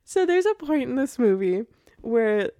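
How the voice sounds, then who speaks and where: A woman's voice: a little high, sing-song, unhurried, mellow, dry recording, studio quality. A woman hosting her own podcast, chatting casually and rambling, with frequent laughs. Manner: bubbly, laughs often, rambling. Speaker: podcast host. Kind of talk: casual chat.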